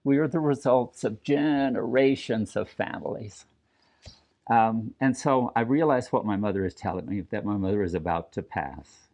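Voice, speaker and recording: An older man from New Mexico, telling personal family stories at a community event in an earnest, reflective way, pausing and restarting as he speaks. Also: lowish voice, darkish tone, muffled recording. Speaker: storyteller. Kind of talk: personal storytelling talk.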